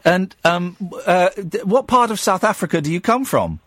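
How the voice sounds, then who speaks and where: A playful male radio host chats with callers, giggling and restarting his sentences. His voice leaps around a lot and sits a bit high for a man. The studio sound is dry and close. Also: animated, moderate pace, a bit bright, dry recording. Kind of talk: late-night radio phone-in chat. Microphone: studio microphone.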